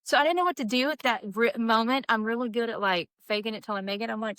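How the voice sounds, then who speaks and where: Animated woman telling stories. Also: fast, hardly any pauses, smooth, dry recording, studio quality. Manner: animated, acts out quotes with big pitch jumps. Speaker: nurse practitioner telling ER stories. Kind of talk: casual storytelling chat.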